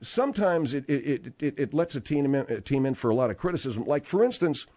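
A man hosting a sports talk radio show, bantering with his co-hosts and reading out the news in an animated, rambling way. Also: medium pitch, brisk, no room sound. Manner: animated, rambling, with frequent restarts.

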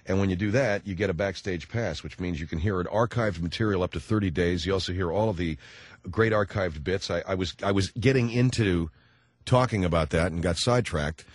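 A man's voice: low-pitched, a little fast, dry recording. A middle-aged man hosting a radio talk show, chatting with callers in a jokey, rambling way. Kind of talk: casual radio chat. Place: radio studio. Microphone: close studio mic.

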